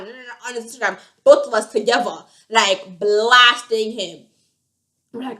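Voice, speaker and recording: A young woman telling a storytime vlog, animated and acting out the other voices. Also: on the high side, moderate pace. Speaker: vlogger.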